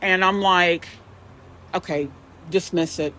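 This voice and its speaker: A woman's voice: on the low side, fairly even intonation, slow pace, bright, forceful tone, a little hiss or hum. Woman rambling through a scary story. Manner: rambling, restarts, swears, quotes herself. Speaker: guest storyteller. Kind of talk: first-hand telling of a scary story.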